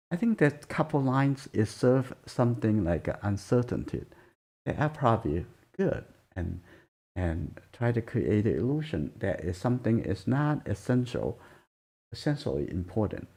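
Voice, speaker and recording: Soft-spoken gravelly drawing teacher. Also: male voice, fairly low pitch. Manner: soft-spoken, halting, murmurs while drawing. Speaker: drawing instructor. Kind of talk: live drawing demonstration.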